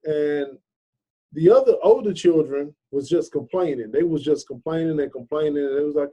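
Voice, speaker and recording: A man's voice: fairly high pitch, moderate pace, warm tone, slightly rough. A man giving a casual motivational talk, telling a rambling story in an earnest, preachy way with lots of "you know.". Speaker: motivational vlogger.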